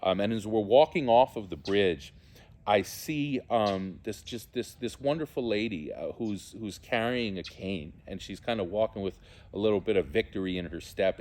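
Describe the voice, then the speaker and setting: A theologian and musician gives a personal spiritual testimony, speaking earnestly and from the heart and often pausing to find the right words. His fairly low voice is expressive and darkish in tone, at a normal speed.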